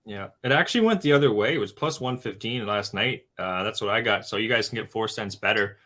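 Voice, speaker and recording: A man's voice: fairly low pitch, fairly quick, pushed and bright. A man talking as a guest on a betting show, giving his hockey pick in loose chat full of fillers, often calling listeners guys. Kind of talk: casual sports betting talk.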